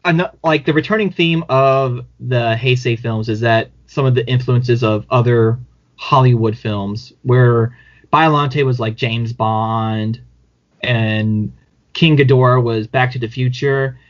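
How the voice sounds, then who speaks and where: A man of middle pitch talks loosely on a podcast, circling with fillers and frequent laughs. The sound is dull and lo-fi. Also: fairly even intonation, unhurried. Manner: rambling, many fillers, laughs often. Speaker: podcast co-host. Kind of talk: casual podcast chat. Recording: dull lo-fi audio.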